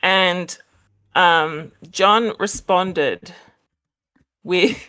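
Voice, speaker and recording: Australian woman guest, low-ish pitch, chatty and rambling, laughs often, video call from home. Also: very slow, fairly bright tone, clean tone. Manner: rambling, laughing, many fillers. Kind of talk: casual chat. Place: home, next to the kitchen.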